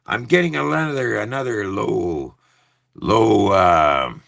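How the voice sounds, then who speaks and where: A man's voice: on the low side, animated, takes it slowly, creaky, fairly bright tone, no echo, studio quality. A man hosting a livestream, delivering a heated, profane rant in a repetitive, angry style. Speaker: livestream host. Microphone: phone.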